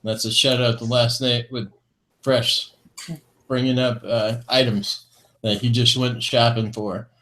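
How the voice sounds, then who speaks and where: His voice is mid-range and a bit bright, with little pitch movement and a slightly slow pace. As co-host of a casual online vaping talk show, he reads a feel-good list in an upbeat way, chuckling between entries and slipping in corny jokes.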